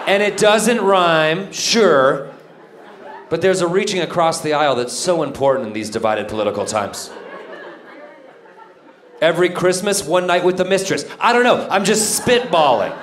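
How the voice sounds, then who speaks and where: A male comedian on a club stage, dry and mock-earnest, in a slightly high voice. The room rings with echo and the crowd laughs loudly behind him. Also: expressive, normal speed, a little hiss or hum. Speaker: stand-up comedian. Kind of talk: stand-up set.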